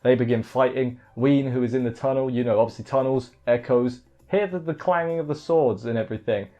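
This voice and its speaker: A man's voice: mid-range voice, a little fast, warm tone. A man casually recapping an anime episode, rambling, restarting words and filling gaps with "like" and "you know". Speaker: anime reviewer. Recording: dull lo-fi audio with faint music.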